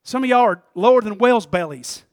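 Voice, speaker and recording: High-voiced fervent folksy man preaching. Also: lively intonation, fairly quick, no room sound, studio quality. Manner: fervent, shifts between shouting and hushed asides; folksy, chuckles often. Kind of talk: sermon.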